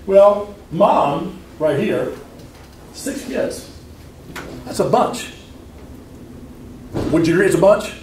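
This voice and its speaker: A man in his fifties giving a personal story talk, animated, acting out the voices in his stories. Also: high-pitched, slow, slight background noise. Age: 50s. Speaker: speaker. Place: lecture hall. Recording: echoey hall, from far off.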